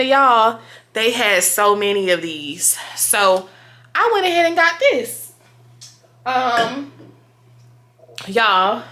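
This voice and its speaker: A young woman, chatting loudly and profanely to her viewers in a casual vlog. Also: medium pitch. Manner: profane, loud and excitable, talks to viewers as y'all. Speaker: vlogger.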